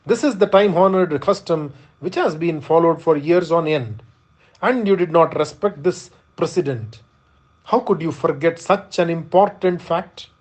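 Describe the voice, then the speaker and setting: A man's voice: a little high, normal speed, lightly acted. A man reading aloud as a young prince, grief-stricken and furious, speaking in bitter, accusing reproach. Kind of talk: read-aloud epic narration.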